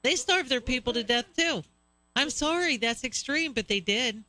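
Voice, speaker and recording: A man co-hosts a live stream in easygoing, casual chat. His voice is high-pitched and bright. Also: animated, moderate pace, no room sound. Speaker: co-host.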